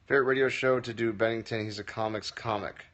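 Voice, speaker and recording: Over a phone livestream, a wry man answers comments in a casual Q&A as a comedy teacher, reading viewer questions aloud and joking in reply. He talks fast in a fairly low, fairly bright voice with fairly even intonation.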